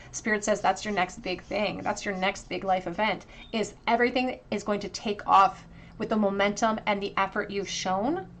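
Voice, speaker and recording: A woman giving a tarot card reading to her viewers, earnest and emotional, often pausing with fillers and restarts. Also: mid-range voice, fairly bright tone, a little hiss or hum. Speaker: tarot reader.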